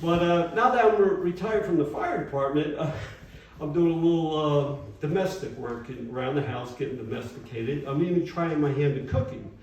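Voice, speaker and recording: A man's voice: a little high, moderate pace, a little hiss or hum. An older man, a retired firefighter, telling brash, profane stand-up stories in a former yoga studio. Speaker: stand-up comedian. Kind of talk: stand-up comedy. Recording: echoey room, distant mic, audience.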